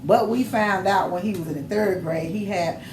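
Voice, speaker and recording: A woman's voice: mid-range voice, normal speed, crowd noise. A middle-aged mother talking on a podcast in an emphatic, preachy storytelling manner. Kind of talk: casual chat. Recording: echoey room with noise.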